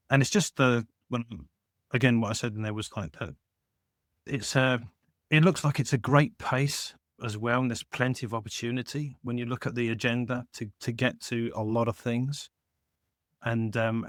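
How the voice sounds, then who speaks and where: A man's voice: medium pitch, no echo, studio quality. A man joining a podcast as a guest, talking casually in an eager, rambling way with many restarts. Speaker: guest caller. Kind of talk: casual chat.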